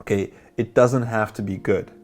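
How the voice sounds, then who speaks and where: A man's voice: fairly low pitch, fairly even intonation, moderate pace, darkish tone, soft background music. A man explaining techniques in a confident, blunt instructional voice-over, swearing casually. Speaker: dating coach.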